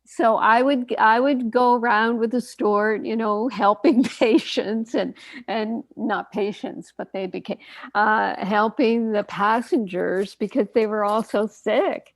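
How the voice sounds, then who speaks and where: An older Canadian woman, a doctor, hosts a casual radio talk show, telling stories in a chatty way and laughing often. Her voice is on the high side with a steady tone, she takes things slowly, and the recording is dry.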